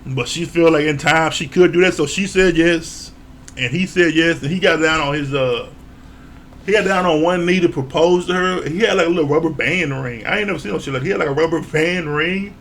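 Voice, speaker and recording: A man's voice: fairly high pitch, brisk, a bit bright, slight background noise. Slangy man recapping a reality show. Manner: loose slangy retelling with swearing and chuckles. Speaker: reality TV reviewer. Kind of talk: casual recap review.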